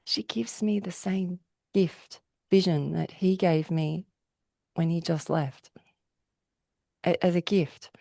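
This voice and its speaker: Aussie lady chatting on a video call, gravelly low-ish voice, laughs a lot, does all the voices in her stories. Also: fairly even intonation, takes it slowly, long pauses, dark tone, no echo, studio quality. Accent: Australian. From Australia. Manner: laughs often, acts out quoted voices. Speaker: guest. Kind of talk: casual storytelling chat.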